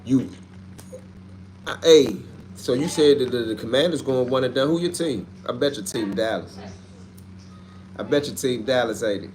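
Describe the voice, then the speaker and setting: A man hosting a casual livestream, reading out viewer comments and answering them with loud, animated trash talk. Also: medium pitch, normal speed, long pauses, slight background noise. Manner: trash-talking, animated, street slang. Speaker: livestream host.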